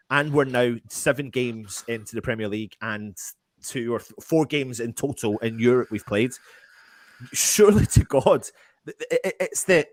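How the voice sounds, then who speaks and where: A man on a live-streamed fan chat, talking emphatically and with frustration, often repeating himself. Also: mid-range voice. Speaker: podcast panelist.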